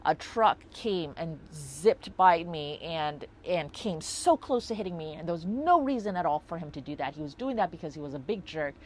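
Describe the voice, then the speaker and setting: A woman's voice: deep voice, lively intonation, moderate pace, hardly any pauses, a little mellow, slight background noise. A woman talking through a personal story in a casual vlog, reflective and rambling with lots of fillers. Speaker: vlogger.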